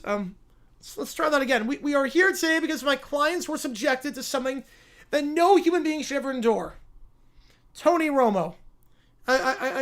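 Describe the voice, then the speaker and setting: A man doing Lionel Hutz, flustered Canadian lawyer. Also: very high-pitched. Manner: stammering, constantly apologizing. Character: bumbling apologetic Canadian male lawyer.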